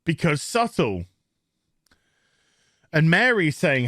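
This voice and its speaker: A man's voice: on the high side, expressive, normal speed, sharp tone, no echo, studio quality. A man with a Northern English accent recapping a TV episode in a crude, mocking rant, putting on silly voices for the characters. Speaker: TV show reviewer.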